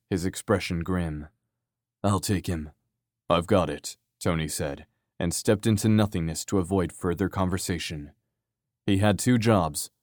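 Low-voiced male audiobook narrator. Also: a little mellow, no echo, studio quality. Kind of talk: scripted narration.

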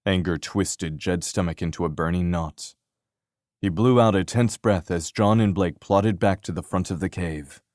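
Man, audiobook narrator, steady storytelling, very low voice, dry recording. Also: normal speed, no room sound. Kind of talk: scripted narration.

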